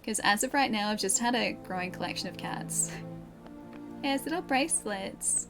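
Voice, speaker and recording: Young Aussie woman, chatty game streamer, laughs easily, clear game music behind her. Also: medium pitch, animated, normal speed. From Australia. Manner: chatty, giggly, answers viewer chat. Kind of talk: casual live-stream chat while playing. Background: game music clearly audible.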